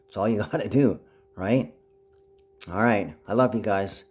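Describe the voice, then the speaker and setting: A man rambling to the camera in a vlog monologue, jumping between topics and speaking to his mother with sudden rises in pitch. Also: a little slow, a little mellow.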